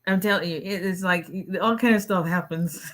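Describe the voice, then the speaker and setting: A woman's voice: fairly low pitch, a little fast, fairly bright tone. A woman, an immigration attorney chatting casually on a livestream, greeting viewers and laughing often.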